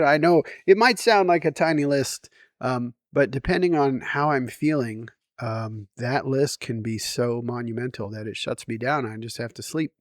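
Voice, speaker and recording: A middle-aged male vlogger talks to camera at home in a rambling, casual vlog, mocking himself and laughing often. His voice is mid-range, and the studio-quality recording sounds dry.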